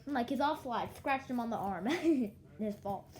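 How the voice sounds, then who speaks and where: A woman's voice: on the high side, animated, a little slow, darkish tone, slight background noise, low-quality recording. A young woman vlogging from home, telling a rambling story in a sleepy, yawning voice, often restarting and acting out what others said.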